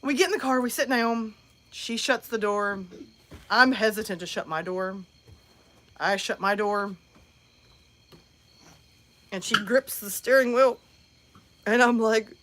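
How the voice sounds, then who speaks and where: A mother hosting a live show, telling a comic story in a lively, chatty way with lots of fillers. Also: on the high side, a little slow, long pauses. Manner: animated, many "like" fillers, acts out voices.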